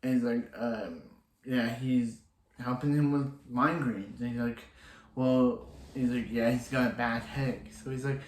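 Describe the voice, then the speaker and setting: A man talks through a TV episode in a loose, rambling recap, often stopping and restarting mid-sentence. His voice sits at an ordinary middle pitch. The room around him gives a noticeable echo. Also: fairly even intonation, unhurried. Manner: rambling, restarting often, quoting characters in passing. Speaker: TV episode reviewer.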